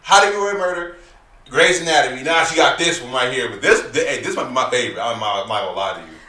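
A man's voice: mid-range voice, animated, rapid-fire, sharp tone. A man hosting a casual chat, talking in a loose, joking, slangy way. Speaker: podcast host. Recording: roomy, distant mic with faint hiss.

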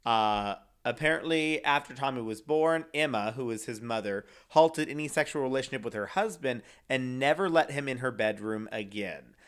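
Young guy rambling thru a true crime story, lots of uhs, mid pitch. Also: normal speed, hardly any pauses, fairly bright tone, clean tone. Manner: rambling with many fillers, reading quotes aloud. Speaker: co-host. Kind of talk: casual true-crime chat.

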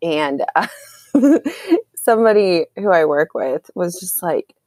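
A woman's voice: on the low side, takes it slowly, dry recording. Giggly woman podcast co-host. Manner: giggly, animated storytelling. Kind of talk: casual chat.

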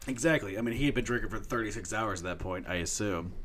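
A man co-hosting a podcast, ranting loudly and profanely in casual chat. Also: fairly low pitch, fast talker, slight background noise. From United States. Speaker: podcast co-host.

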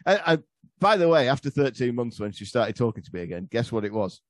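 Crude, laughing man, lively pitch. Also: fast talker, no room sound, clean studio sound. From England. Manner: crude, swearing, laughing storyteller. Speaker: podcast guest. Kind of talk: casual comedy podcast chat.

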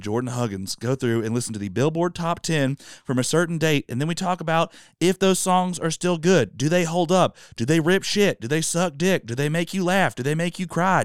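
A man's voice: a little high, smooth, no room sound, studio quality. A man co-hosting a music podcast in a laid-back, joking, rambling way. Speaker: podcast co-host. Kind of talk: casual podcast chat.

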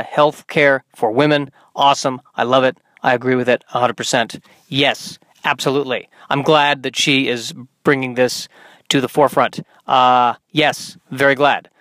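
A young man hosting his own podcast from inside a car, talking in a deadpan, self-mocking comedic monologue. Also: mid-range voice, no room sound, poor audio. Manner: deadpan, self-mocking, slips into silly put-on voices. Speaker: podcast host.

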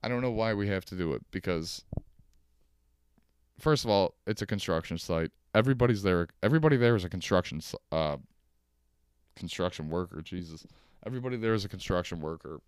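A young man talks alone into his podcast mic from his couch, ranting in a sarcastic, profane comic way. His voice sits a little low and comes through very smooth and clean. The sound is close and dry, with no room around it. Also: expressive, fairly quick, dry recording. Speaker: podcast host. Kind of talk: solo comedic podcast rant. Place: at home on a couch.

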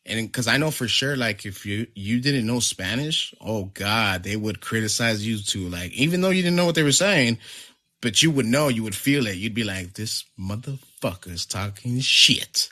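Animated, profane storytelling man. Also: lowish voice, moderate pace. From family from Nicaragua. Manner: animated, profane, acts out quotes. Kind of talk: casual storytelling chat.

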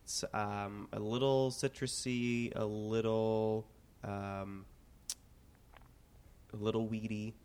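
Casting: man, fairly low voice, raspy from a cold, rambling casual chat. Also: little pitch movement, slow pace, pauses often, darkish tone. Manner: rambling, lots of filler words. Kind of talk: casual chat, beer tasting.

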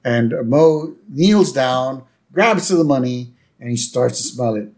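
Male podcast co-host, casual recap chat, mid-range voice, relaxed with fillers. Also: medium pitch, measured pace. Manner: relaxed, hesitant with fillers, quotes lines in a plain voice.

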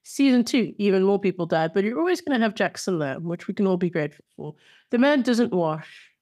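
A woman's voice: mid-range voice, expressive, a little fast, mellow. A woman co-hosting a podcast, chatting casually and enthusiastically about television with playful asides. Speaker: podcast co-host. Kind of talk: casual chat.

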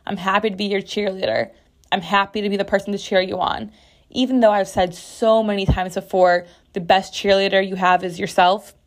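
Woman podcast host, solo casual chat from her bathroom, frank, expressive, loose with swearing. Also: mid-range voice, fairly quick. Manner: candid, expressive, swears freely. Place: bathroom floor.

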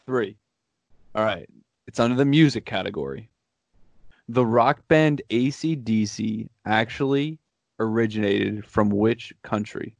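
A man's voice: fairly low pitch, lively intonation, gravelly, darkish tone, dry recording. A man hosting a casual podcast trivia game, teasing the others and swearing freely when they get answers wrong. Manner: teasing, profane, quick to mock wrong answers. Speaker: podcast host reading trivia questions.

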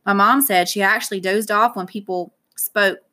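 A woman's voice: mid-range voice, steady tone, moderate pace, bright, forceful tone, close to an everyday voice. A woman voicing a cheerful, friendly schoolgirl who speaks eagerly.

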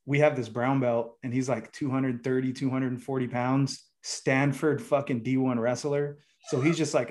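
A man's voice: medium pitch, darkish tone. A man co-hosting a podcast in casual chat, laid-back and cursing freely, calling people "man" and "dude". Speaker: podcast co-host.

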